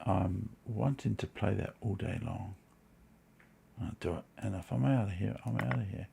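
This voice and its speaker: Gravelly New Zealand man muttering chess moves. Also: on the low side, measured pace, noisy background. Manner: muttering moves half to himself, chatty asides to chat. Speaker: chess streamer. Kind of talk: live-stream commentary while solving puzzles.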